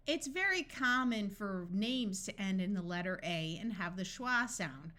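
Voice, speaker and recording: A woman tutor reads a phonics lesson aloud. She speaks slowly and carefully, stretching each sound so learners can follow. Her voice is bright and clear. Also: medium pitch, animated. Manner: slow, deliberate enunciation of sounds and words.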